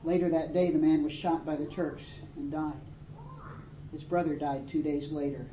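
A woman's voice: low voice, fairly even intonation, moderate pace, roomy sound, lo-fi sound, a little hiss or hum. A woman preaching a sermon, earnest and emphatic, reading scripture aloud. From Australia. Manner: earnest, emphatic preaching with dramatic read quotes.

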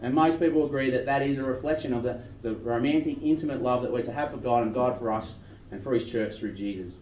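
A man's voice: mid-range voice, quick pace. A man preaching a sermon, earnestly reading scripture with rising emphasis. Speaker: pastor. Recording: roomy distant dull recording with faint noise.

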